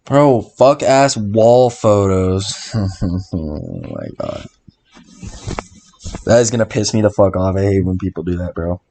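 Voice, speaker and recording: A drowsy young guy streaming late at night, rambling loosely with plenty of swearing and chuckling to himself. his voice sits a little low, and he sounds tired and half-asleep. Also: very animated, slow, vocal fry, warm tone, a little hiss or hum. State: sleepy and tired. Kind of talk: casual late-night livestream chat.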